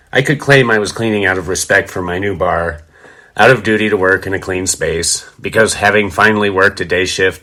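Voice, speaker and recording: Very low-voiced man from Denver. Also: bright, forceful tone. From Denver, USA. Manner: literary, wry, emphatic. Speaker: bartender, listener contributor. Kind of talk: reading a written story.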